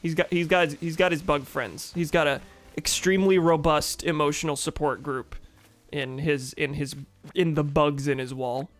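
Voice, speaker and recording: Faint music sits behind this young streamer, whose fairly high voice stays rather even at a normal speed despite his sore throat. Joking and swearing, he reads game dialogue aloud as part of his laid-back commentary.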